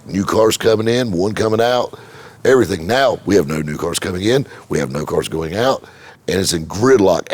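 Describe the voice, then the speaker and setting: A man's voice: sits low, darkish tone. A middle-aged man, a car dealer, telling a rambling, profane story in casual chat, with many repeated words. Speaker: car dealer and channel host.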